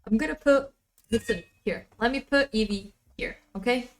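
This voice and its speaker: A woman's voice: on the high side, moderate pace. A woman streaming live, chatting casually and rambling as she answers her chat.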